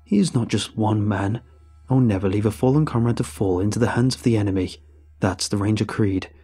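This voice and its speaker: A man's voice: fairly low pitch, fairly quick, mellow, breathy edge, soft background music. A man voicing a stern, loyal military captain who talks in a firm, commanding way.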